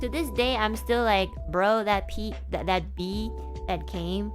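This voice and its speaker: A woman in a casual stream chat, telling a story from her childhood. She talks in a rambling, animated way, full of fillers and restarts, at a middle pitch. Soft music plays faintly behind her. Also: measured pace. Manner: chatty, animated, lots of "like" and restarts, voices kids and adults in quotes.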